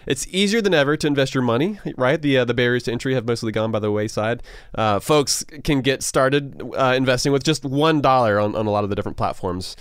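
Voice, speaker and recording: Male co-host, easygoing and jokey, medium pitch, dry close mic. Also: fast talker, hardly any pauses, clear, resonant tone, dry recording. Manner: relaxed, joking explainer. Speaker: podcast co-host. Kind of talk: casual chat.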